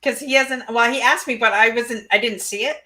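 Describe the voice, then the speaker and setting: A woman's voice: on the high side, fairly quick, pushed and bright. A woman podcast co-host in casual chat, upbeat and encouraging.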